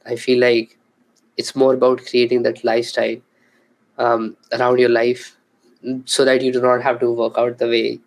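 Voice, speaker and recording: A man's voice: medium pitch, creaky, low-quality recording. A man hosting a podcast, asking questions in a casual way, with lots of "like" and "um". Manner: questioning, hedging with "like" and "um". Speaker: podcast host.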